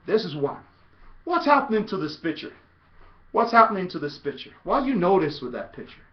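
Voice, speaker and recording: A man coaching soccer in a casual video tutorial, playful and animated, breaking into loud shouts. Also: sits high, fairly quick, lo-fi sound.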